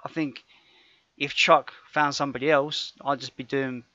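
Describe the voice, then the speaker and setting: Bright-voiced guy rambling on a podcast, laughs a lot, dull lo-fi mic. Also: medium pitch, little pitch movement, normal speed, no echo. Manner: rambling, self-correcting, laughs often. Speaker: podcast co-host. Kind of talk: casual podcast chat. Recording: dull lo-fi sound.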